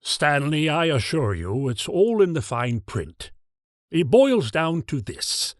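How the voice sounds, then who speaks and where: A man's voice: on the high side, big pitch swings, no echo, clean studio sound. A man playing Father Time, British and grand. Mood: dignified. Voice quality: measured, distinguished, world-weary delivery. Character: Father Time, ancient male timekeeper, weary and formal. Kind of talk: comedy sketch dialogue.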